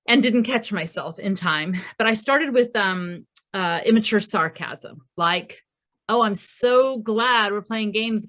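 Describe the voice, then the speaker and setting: A woman's voice: mid-range voice, a bit bright. A middle-aged woman giving a parenting presentation, explaining in a conversational, self-deprecating way with personal stories. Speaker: parenting educator. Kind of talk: conference presentation.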